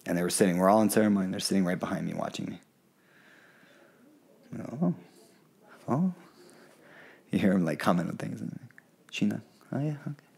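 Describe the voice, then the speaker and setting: Podcast guest, male, very low voice, earnest storyteller. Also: steady tone, rapid-fire, creaky, hardly any pauses, a little mellow. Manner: candid, earnest, acts out quoted voices. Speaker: podcast guest, plant medicine guide. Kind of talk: casual storytelling in an interview.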